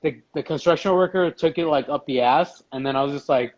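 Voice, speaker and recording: A man's voice: fairly high pitch, fairly quick. Male host, crude laughing storyteller, raised voice, muffled stream audio. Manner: storytelling, laughs often, profane. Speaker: podcast host. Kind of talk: casual chat.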